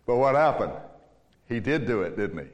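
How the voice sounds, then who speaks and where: A man preaching a sermon, telling a story with emphasis and swinging from hushed to loud. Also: mid-range voice, big pitch swings, moderate pace. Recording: long hall reverb.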